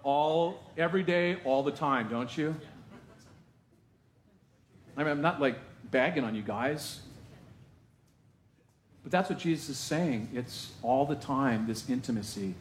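A man preaching a sermon as pastor in a church, conversational and animated, firing off rhetorical questions to the congregation. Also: medium pitch, a little slow, pauses often, echoey room, a little hiss or hum. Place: church sanctuary.

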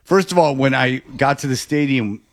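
A man in casual chat, telling a rambling, animated story with many restarts. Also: mid-range voice, moderate pace, dry recording, studio quality.

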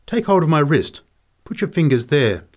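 Guy putting on a wired little ex-boxer, high and pushy, voice bouncing all over, audiobook style. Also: big pitch swings, moderate pace. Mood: insistent. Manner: eager, insistent, jumpy. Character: excitable punch-drunk little ex-prizefighter man.

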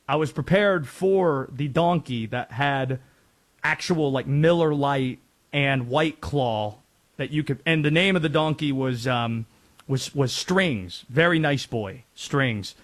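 A sports radio host from North Carolina, with a mid-range voice and an unhurried pace, runs a casual talk show. He's animated and jokey, telling stories and doing quotes and impressions.

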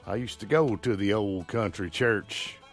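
A man's voice: fairly low pitch, a little slow, soft background music. A male local radio host chatting in a folksy, rambling way, full of fillers and restarts. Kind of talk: casual local radio chat. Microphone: studio microphone.

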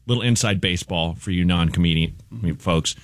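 A man's voice: low voice, a little fast, no room sound. A man who is a comedian guest, telling a rambling story on a studio radio show, acting out voices and laughing as he goes. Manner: rambling, animated, acts out voices and laughs while telling stories.

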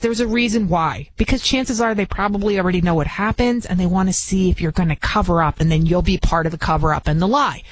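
A woman's voice: mid-range voice, poor audio. A woman with a Bronx accent guest-hosting a radio talk show, chatty and emphatic, often restarting her sentences. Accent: Bronx New York. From Bronx, New York.

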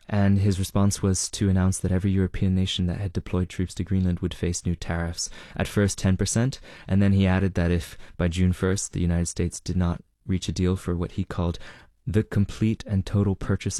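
Low-voiced man explaining as reporter. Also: flat delivery, dark tone, no room sound, studio quality. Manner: measured, explanatory, with fillers. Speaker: reporter guest. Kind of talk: interview answers.

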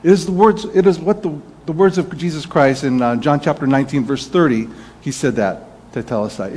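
A pastor preaching a Sunday sermon in a casual storytelling manner, with small restarts. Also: male voice, fairly high pitch, fairly quick, a little mellow, slightly rough.

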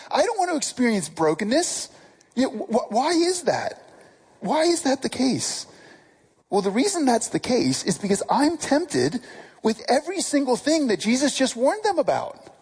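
Husky, lively conversational preacher. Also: high voice. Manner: conversational, restarts and repeats words. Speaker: pastor. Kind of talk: sermon.

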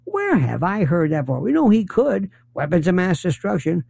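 A man's voice: high-pitched, big pitch swings, moderate pace, vocal fry, darkish tone, no echo, studio quality. A man delivering an impassioned political monologue, firing off rhetorical questions and rambling as he gropes for names. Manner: heated, rhetorical, rambling, often searching for names.

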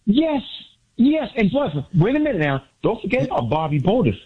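A man calling in from Miami to a sports radio show, boasting with excitement and repeating his points. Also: high voice, fast, slightly rough. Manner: exuberant, repetitive, boastful. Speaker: caller. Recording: muffled phone line.

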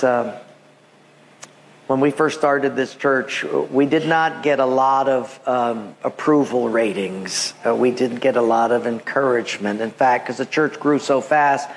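A male pastor from Hawaii preaching a sermon, telling a story and acting out quotes in an animated voice. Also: mid-range voice, in a large hall. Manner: animated, acts out quotes with raised voice.

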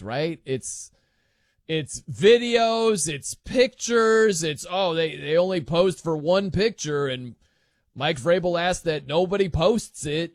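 A male sports talk host rambles through the news in a loose, jokey way, his pitch leaping around. His voice sits a bit high for a man. The sound is dry and close to the mic. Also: no room sound.

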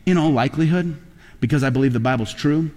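A man's voice: fairly high pitch, quick pace. A man preaching a sermon as pastor, telling stories and building to emphatic peaks. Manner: animated storytelling preacher, rising to emphatic peaks. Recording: long hall reverb.

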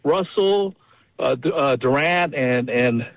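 A man's voice: medium pitch, expressive, takes it slowly, vocal fry, no room sound. A man calling in to a sports radio show, confident and trash-talking but stumbling over names with fillers. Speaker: caller. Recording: dry, muffled phone-in line.

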